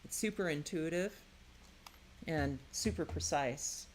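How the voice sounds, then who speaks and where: A game maker with a low-pitched voice talks to herself at a slow pace while she builds and tests her game. Her casual musings are curious and exploratory, over slight background noise.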